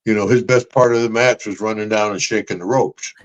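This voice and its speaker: A man's voice: lowish voice, steady tone, fairly quick, poor audio. An older man hosting a podcast, rambling through stories with laughs and calling people brother and man. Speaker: podcast host. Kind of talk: casual storytelling chat.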